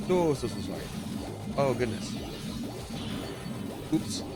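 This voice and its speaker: A male streamer talks to his chat while gaming, upbeat and slangy, quick to say sorry. His voice sits at a middling pitch. Loud game music plays behind him. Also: very animated.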